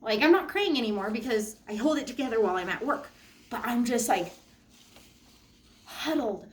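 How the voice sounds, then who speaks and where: A young woman vlogger telling a personal story, animated and emphatic, jumping up high when she quotes herself. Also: normal speed, echoey room, slight background noise.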